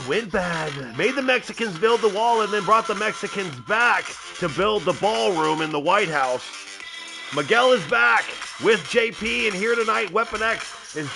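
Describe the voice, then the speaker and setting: A man's voice: high voice, vocal fry. A man hosting a live wrestling video game show, commentating in a hyped, rambling way. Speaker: host.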